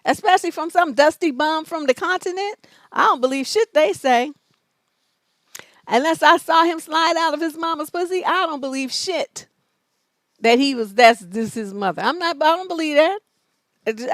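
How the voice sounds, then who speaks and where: A woman's voice: lively intonation, normal speed, fairly bright tone, no echo. A woman relationship coach on a live-stream advice show, reading viewer letters aloud and answering them bluntly, with profanity and scolding. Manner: mocks letters in an exaggerated high voice.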